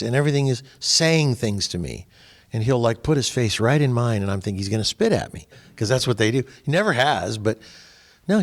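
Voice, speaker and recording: An older man, the host, chatting casually and telling animated stories that grow louder and higher as he gets going. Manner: animated storyteller, voice rising as he tells stories. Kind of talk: casual chat.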